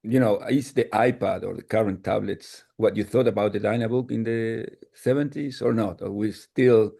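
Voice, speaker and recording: Gravelly male interviewer. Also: lowish voice, warm tone. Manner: eager, halting questions with fillers and laughs. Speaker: interview host. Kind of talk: conversational interview questions.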